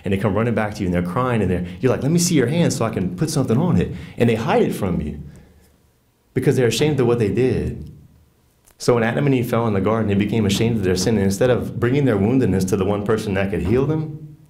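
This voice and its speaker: A man's voice: fairly low pitch, fast, warm tone. A man in his thirties or forties with a Southern US accent, teaching a group in an earnest, folksy, conversational way and often checking in with "right?". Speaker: catechist teaching a workshop on faith and marriage.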